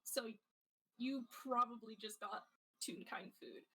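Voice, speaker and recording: High bright-voiced woman, slow, giggly, narrating her character in a tabletop game. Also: husky, rough recording. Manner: giggly, lots of fillers and restarts. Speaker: player. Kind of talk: casual tabletop role-play narration.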